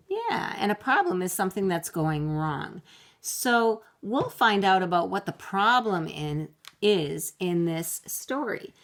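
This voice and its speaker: A woman teaching young children phonics from home, slowly sounding out words letter by letter for her camera. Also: medium pitch, big pitch swings. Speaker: kindergarten teacher. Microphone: computer camera mic.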